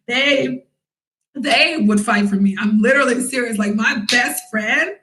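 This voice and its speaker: High, bright-voiced animated woman vlogger. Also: a little slow. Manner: animated, acts out quotes loudly with laughs. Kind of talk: casual storytelling. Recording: echoey room.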